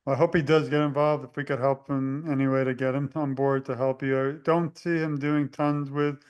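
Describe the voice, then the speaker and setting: Smooth-voiced, level-toned male host. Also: mid-range voice, level tone, darkish tone. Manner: rambling, halting with fillers. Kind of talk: casual interview.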